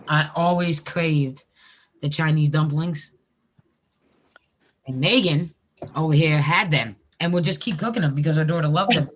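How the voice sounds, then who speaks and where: A woman's voice: sits low, fairly bright tone, slight background noise. A woman in casual group chat, talking freely, swearing and laughing often.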